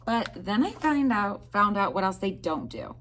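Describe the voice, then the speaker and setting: A woman teacher reads a children's picture book aloud in a lively, expressive way. Her voice sits at a medium pitch and moves a great deal up and down. The pace is easy and clear for young listeners. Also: normal speed, slight background noise. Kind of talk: storybook read-aloud.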